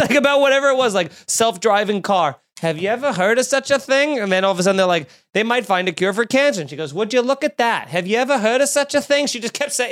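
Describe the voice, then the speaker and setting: A man casually telling funny, profane stories about a trip as a podcast host. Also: sits high. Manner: animated, profane, jokey anecdotes. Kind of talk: casual storytelling.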